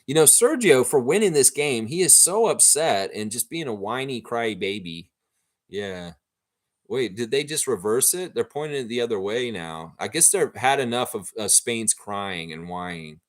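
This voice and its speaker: A man hosting a livestream watchalong, giving live reaction commentary on a basketball game in an opinionated, excitable way and openly rooting for his team. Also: medium pitch, normal speed.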